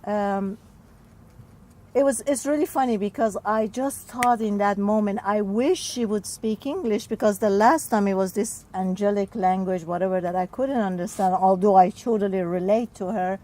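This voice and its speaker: Woman healer, expressive storyteller, mid-range voice. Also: medium pitch, normal speed, rough recording. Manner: expressive, acts out quoted speech, frequent "like". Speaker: spiritual healer guest. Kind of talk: personal storytelling in an interview.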